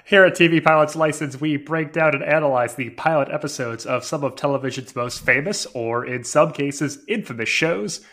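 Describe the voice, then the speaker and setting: A man's voice: a little high, normal speed, hardly any pauses, bright, forceful tone. A man co-hosting a podcast in casual chat, enthusiastic and wry. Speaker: podcast co-host.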